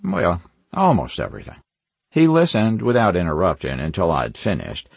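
A man's voice: sits low, huge pitch swings, normal speed, gravelly, slightly rough, dry recording. A man narrating a first-person crime novel in a wry, hard-boiled manner with dry asides. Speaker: audiobook narrator.

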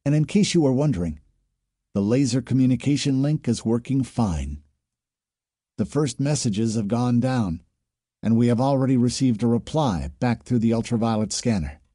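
A man voicing a brisk, reassuring crewmate. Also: mid-range voice, expressive, dark tone, dry recording, studio quality, close to an everyday voice.

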